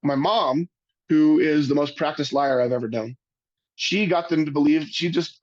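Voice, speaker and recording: A man giving a webinar talk, telling a personal story in an earnest, halting way, often restarting his sentences. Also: a little high, muffled recording. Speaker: webinar speaker.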